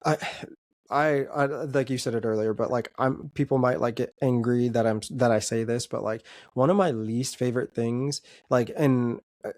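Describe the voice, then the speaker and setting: A man's voice: medium pitch, steady tone, moderate pace, a little mellow, dry recording, studio quality. A man talking candidly as a podcast guest, rambling with lots of fillers and restarts as he reflects openly. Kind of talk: casual podcast chat.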